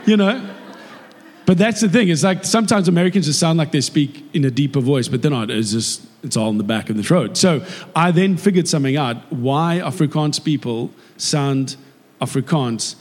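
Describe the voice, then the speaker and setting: A man gives a sermon in a fairly high voice, chatty and joking as he talks to the congregation. His voice rings out through a hall with a long reverb. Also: moderate pace. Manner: chatty, jokey and animated, with laughs. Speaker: preacher. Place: church hall.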